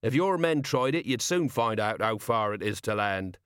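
A man's voice: lowish voice, animated, moderate pace, fairly bright tone, clear, resonant tone, no room sound, studio quality. A man voicing a sly, cheeky sea captain who drawls in working-class speech, for a storybook reading.

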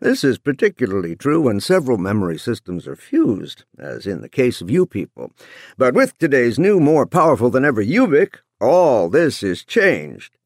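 A man voicing a gravelly, dark-voiced older businessman delivering a slow, emphatic television commercial. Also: medium pitch, wildly swooping pitch, no room sound, clean studio sound, voice pushed up. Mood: salesy.

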